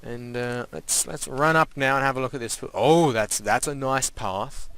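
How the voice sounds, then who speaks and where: A man's voice: medium pitch, normal speed, fairly bright tone, clear, resonant tone, no echo. A young man giving casual, rambling let's-play commentary and playfully talking to the animals and objects in his game. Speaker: gaming channel host.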